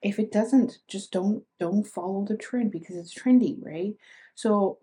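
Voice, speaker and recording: Mellow-voiced woman hosting a solo podcast. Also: mid-range voice, unhurried. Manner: reflective, asks rhetorical questions, often adds "right?". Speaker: podcast host. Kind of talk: casual solo podcast monologue.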